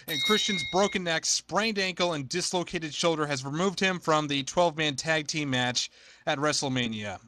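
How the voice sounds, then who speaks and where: A man on a podcast panel with a bright, sharp, slightly high voice. He teases and builds up gags with a jokey delivery. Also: normal speed, dry recording. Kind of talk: comedic segment.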